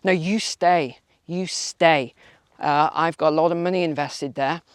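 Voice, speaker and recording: A man's voice: on the high side, unhurried, clean tone, no room sound, studio quality, lightly acted. A man mocking a smug, dodging politician. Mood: flustered. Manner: flustered denials with many fillers. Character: smug, evasive male politician dodging questions.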